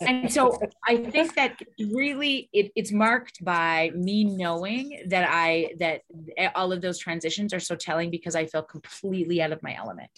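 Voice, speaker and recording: A woman in her forties, a psychologist and author, telling lively stories as a podcast guest, swearing and acting out voices. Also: on the low side, moderate pace. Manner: animated storyteller, swears, acts out voices loudly. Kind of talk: casual podcast chat.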